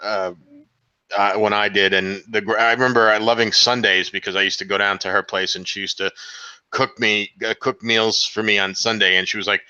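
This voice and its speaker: A man co-hosting a podcast, reminiscing in casual chat with halting restarts. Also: lowish voice, little pitch movement, sharp tone, clear, resonant tone, no echo, highs cut off. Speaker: podcast co-host.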